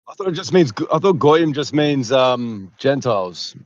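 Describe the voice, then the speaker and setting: A man's voice: medium pitch, lively intonation, normal speed, no echo, muffled recording. A man calling in over a voice chat app while driving, chatting in a friendly, easygoing way. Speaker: caller. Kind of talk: casual call-in chat. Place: driving in a car.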